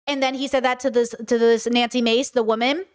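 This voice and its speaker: High-voiced passionate woman streamer. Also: little pitch movement, a little fast. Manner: passionate, emphatic, talks back to chat. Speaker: streamer commentator. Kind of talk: live stream commentary.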